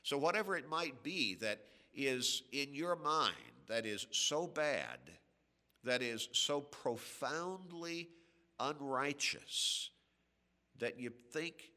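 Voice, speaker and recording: A man preaching a radio sermon, slow and emphatic, with dramatic pauses between phrases. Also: medium pitch, lively intonation, pushed and bright, in a large hall.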